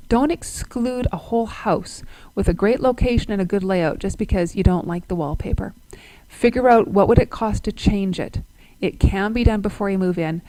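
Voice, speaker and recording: An upbeat woman walks buyers through advice in a webinar. Her voice sits at an ordinary middle pitch, and it is recorded close and dry with no room sound. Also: lively intonation, normal speed, warm tone, no echo, rough recording. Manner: upbeat, explains with examples and questions. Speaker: real estate agent presenting a webinar. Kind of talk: webinar presentation.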